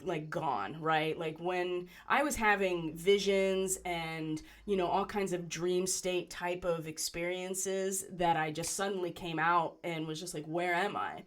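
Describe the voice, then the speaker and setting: A woman telling a personal story in a conversational way, often checking in with "right?" and pausing with fillers. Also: on the low side, fairly even intonation. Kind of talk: personal story told to camera.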